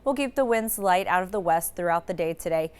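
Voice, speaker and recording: Woman meteorologist, live forecast, low-pitched, casual and loose. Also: expressive, a little fast, smooth. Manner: casual, many "so" starts and small restarts.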